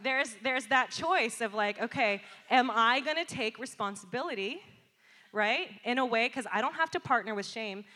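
Woman preacher, thirties, bright and fairly high voice, animated storytelling sermon, echoing hall. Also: moderate pace. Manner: animated storytelling, acts out shouting and quiet apologies. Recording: long hall reverb.

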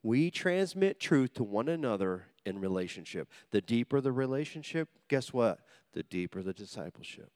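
A man's voice: medium pitch, moderate pace, hardly any pauses, no room sound, clean studio sound. A man preaching a sermon, telling funny stories and calling out to the congregation for responses. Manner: animated storytelling with call-and-response to the congregation; humorous, acts out quoted voices. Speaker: pastor.

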